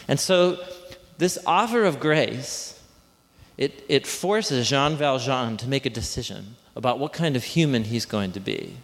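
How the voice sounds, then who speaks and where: A man preaching a conversational sermon to a congregation, often asking them questions. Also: medium pitch. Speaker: pastor. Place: church hall with congregation. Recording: long hall reverb.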